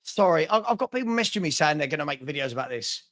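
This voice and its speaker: Rapid-fire and very animated, this football channel host has a fairly high, fairly bright voice. On his casual live stream he talks in exasperated spurts, repeating himself and stumbling into restarts.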